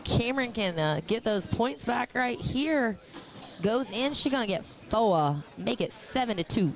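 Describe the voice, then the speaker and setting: A woman's voice: on the high side, expressive. A woman commentating a cornhole livestream in a chatty, rambling, casual way. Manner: chatty, giggly, quick to ramble.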